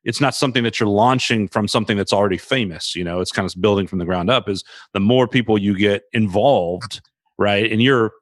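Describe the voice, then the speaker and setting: A man's voice: lowish voice, brisk, no room sound, studio quality. A man hosting a podcast, chatting casually in a rambling, loose way. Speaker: podcast host. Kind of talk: casual chat.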